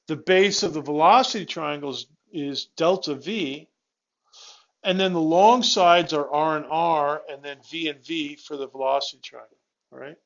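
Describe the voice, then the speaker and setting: A man's voice: a little high, moderate pace, a bit bright, dull audio. A male physics instructor giving a classroom lecture, talking students through the steps with restarts and checking questions.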